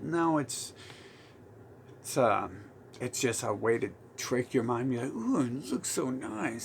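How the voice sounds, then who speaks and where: A man's voice: mid-range voice, creaky, slight background noise. A man with a Southern US accent delivering a heated, profane, rambling monologue full of restarts. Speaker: vlogger.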